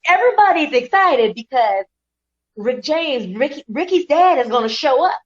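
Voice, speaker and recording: A woman in a casual chat, telling a story in a lively way with quick asides. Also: sits high. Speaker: show host. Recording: slightly dull lo-fi recording.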